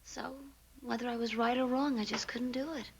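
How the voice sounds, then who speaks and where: A flustered young actress. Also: female voice, fairly high pitch, steady tone, moderate pace, vocal fry, a little hiss or hum. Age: young adult. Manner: stammering, earnest. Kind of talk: 1960s sitcom acting.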